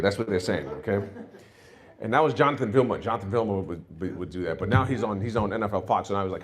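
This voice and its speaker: A man telling a stand-up comedy story in a quick, animated way. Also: on the low side.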